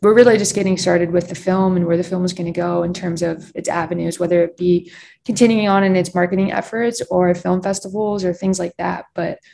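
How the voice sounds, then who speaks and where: A woman's voice: lowish voice, fairly even intonation, fairly quick, vocal fry, warm tone, a little hiss or hum. A young woman talking in a casual chat as a guest, telling a story and quoting others, with lots of "like". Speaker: podcast guest.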